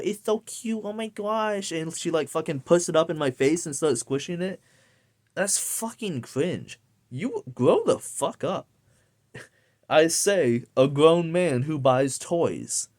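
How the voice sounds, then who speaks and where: A man's voice: fairly high pitch, darkish tone. A young man ranting casually to camera, rambling and swearing with lots of fillers. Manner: profane, rambling, many fillers. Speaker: vlogger.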